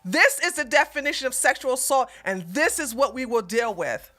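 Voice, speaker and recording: A woman's voice: sits high, lively intonation, moderate pace, faint music behind. A woman hosting a livestream, giving heated, profane commentary on a clip and mocking what she hears. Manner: blunt, cursing, mocking, laughs loudly; rants and repeats points to chat. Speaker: livestream host reacting to a clip.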